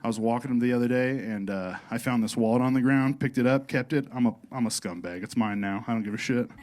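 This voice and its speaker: A man's voice: mid-range voice, quick pace, darkish tone. A male stand-up comedian telling a profane, rambling set in a comedy club, leaning on "you know what I mean" over audience laughter.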